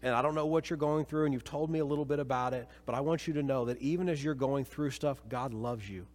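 A man preaching a sermon as pastor, swinging from emphatic peaks to quiet low passages. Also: fast talker. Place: church sanctuary. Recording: long reverb of a church hall.

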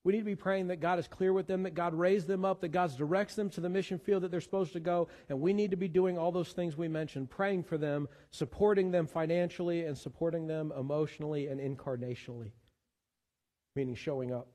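Earnest pastor preaching in a reverberant church. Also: male voice, on the high side, steady tone, a little fast, dark tone. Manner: earnest, repeats words when searching for the next one. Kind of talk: sermon. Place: church sanctuary.

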